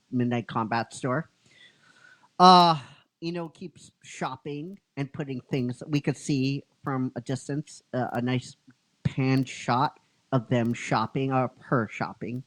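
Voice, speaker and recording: A man with a mid-range, slightly bright voice casually retells a story written by a fan. He rambles, laughs often, and teases his cohost while narrating the fan script.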